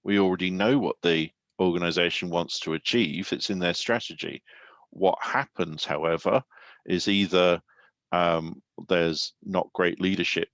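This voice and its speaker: A man's voice: deep voice, fairly bright tone, no echo, muffled recording. A man hosting an online panel discussion, talking thoughtfully with many restarts and asking questions. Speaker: host and consultant.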